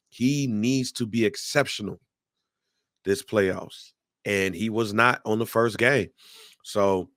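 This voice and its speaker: Male co-host, lowish voice, dry close mic, blunt and emphatic. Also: a bit bright, dry recording. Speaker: podcast co-host. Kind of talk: casual sports talk.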